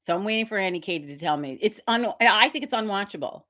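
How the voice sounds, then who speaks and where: A woman's voice: mid-range voice, expressive, fast, a bit bright. A middle-aged woman hosting a casual live stream, rambling and swearing as she tells a story with quoted voices. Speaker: host of a live witch community stream. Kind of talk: casual livestream chat.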